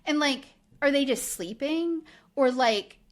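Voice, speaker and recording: A woman's voice: high voice, a little slow. A woman co-hosting a podcast, chatting casually with lots of "like" and acted-out quotes. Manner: animated, frequent "like", acts out quoted lines. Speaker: podcast co-host. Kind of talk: casual recap chat.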